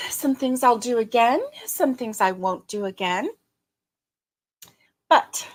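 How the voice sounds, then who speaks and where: A middle-aged woman hosts a casual livestream, greeting viewers by name. She's chatty and quick to laugh, and her fairly high-pitched voice sounds a little strained in the throat.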